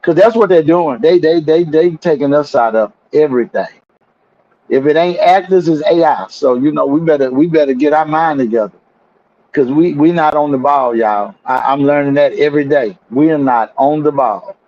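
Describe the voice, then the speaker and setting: A man with a high voice chats loosely on a podcast, stumbling over repeated words and circling back to his point. The audio is dull and lo-fi. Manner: rambling, repeats himself, drawn-out asides. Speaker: podcast co-host. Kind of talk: casual chat.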